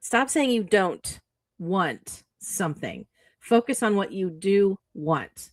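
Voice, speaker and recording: A woman co-hosting a casual stream, giving an animated spiritual pep talk that is full of swearing. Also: mid-range voice, slow, dry recording, clean studio sound. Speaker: co-host, author. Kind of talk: casual motivational chat.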